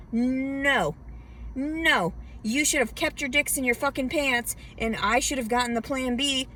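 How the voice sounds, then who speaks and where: A woman's voice: fairly high pitch, a bit bright. Agitated woman ranting in her car. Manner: agitated, heavily profane ranting. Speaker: vlogger. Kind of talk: venting monologue to camera. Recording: distant mic with faint car noise.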